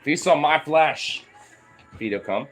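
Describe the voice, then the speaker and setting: Young man vlogger, playful swearing dog owner, unhurried and animated, faint music under. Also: fairly high pitch. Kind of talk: casual talk to his dogs.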